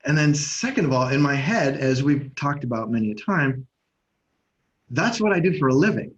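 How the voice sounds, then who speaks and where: A man co-hosting a podcast as an NLP coach, telling stories in a loose, animated way and swearing freely. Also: medium pitch, moderate pace. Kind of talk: casual conversation. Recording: slightly dull, muffled sound.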